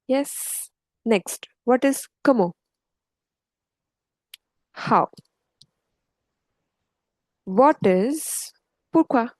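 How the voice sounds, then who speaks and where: A woman's voice: a little high, lively intonation, very slow, pauses often, no echo, rough recording. A woman teaching French grammar in a patient, step-by-step way, often checking in with "okay". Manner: patient, explains step by step with frequent okays. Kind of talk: online language lesson.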